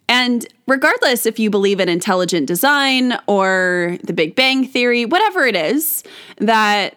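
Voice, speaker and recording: A woman's voice: medium pitch, a bit bright. A woman hosting a podcast in a casual solo monologue, rambling with many restarts and frequent laughs. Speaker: podcast host.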